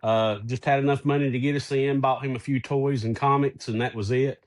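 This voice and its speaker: A middle-aged man co-hosting a casual podcast, telling a personal story in an animated way. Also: mid-range voice, a little fast. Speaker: podcast co-host.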